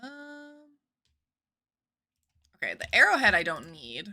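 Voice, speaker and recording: A young woman in her twenties chats away while playing a game on stream. She rambles from one thought to the next and swears now and then. Her voice is very bright and bouncy, and her pitch swings widely. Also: very animated, slow pace. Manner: chatty, rambling, swears casually. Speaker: livestreamer.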